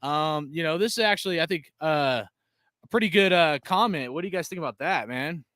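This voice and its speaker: A man with a bright, crisp voice runs a casual live stream, talking quickly and loosely. He jokes at his own expense. The sound is dry and close-miked. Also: a little high, dry recording. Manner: fast, loose, self-deprecating. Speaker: host reading chat shout-outs.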